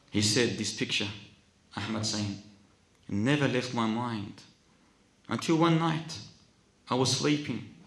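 A man preaching through a dramatic story, swinging between hushed and loud delivery. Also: mid-range voice, creaky, reverberant. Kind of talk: sermon storytelling.

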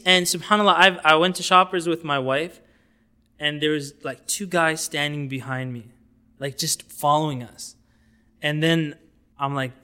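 Bright-voiced man giving an animated lecture. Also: fairly high pitch, measured pace, smooth. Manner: animated, acts out little dialogues; conversational with fillers and asides. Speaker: lecturer on outreach techniques. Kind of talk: informal lecture.

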